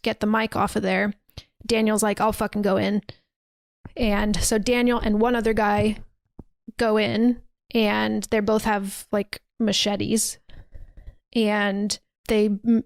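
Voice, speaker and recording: A woman's voice: on the high side, a little mellow, no echo. A woman podcast host casually retelling a movie's scenes, acting out quoted lines with plenty of swearing. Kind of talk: casual chat.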